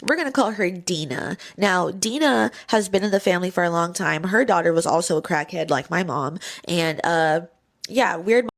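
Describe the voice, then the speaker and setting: A young woman telling a personal story in a casual, animated way, acting out the voices of the people in it. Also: fairly low pitch, moderate pace, gravelly. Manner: animated, acts out voices in quotes.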